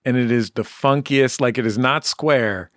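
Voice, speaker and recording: A man's voice: mid-range voice, moderate pace, no room sound, clean studio sound. Enthusiastic male interview host. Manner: enthusiastic, hums out the music. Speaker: radio host. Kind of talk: interview hosting.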